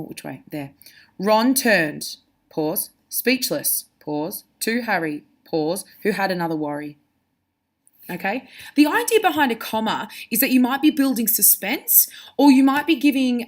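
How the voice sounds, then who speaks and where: A woman teacher giving a recorded lesson to her pupils. She explains step by step in a clear, direct way, speaking straight to the students. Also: mid-range voice.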